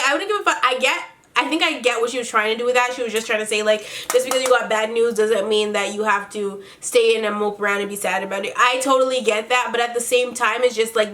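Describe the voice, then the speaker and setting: A woman's voice: fairly high pitch, bright, forceful tone. A woman vlogger recapping a reality show in casual commentary, sassy and blunt with lots of swearing, doing her makeup as she talks.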